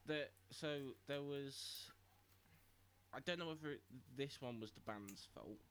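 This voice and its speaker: A young man, co-hosting a podcast in casual chat, laid-back and a bit halting. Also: mid-range voice, a bit bright, smooth. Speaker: podcast co-host.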